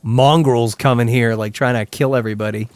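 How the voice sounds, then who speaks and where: A man's voice: medium pitch, steady tone, brisk. A man streaming a game live, chatting casually and rambling with lots of "like" as he plays. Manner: chatty, rambling, heavy use of "like". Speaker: gaming streamer. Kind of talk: casual live gameplay commentary.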